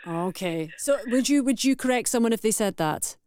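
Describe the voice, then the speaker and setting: Woman, radio presenter, brisk friendly delivery, smooth tone, dry close mic. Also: fairly high pitch, animated, darkish tone, no room sound. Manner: brisk, friendly, reads out listener messages. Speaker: radio phone-in host.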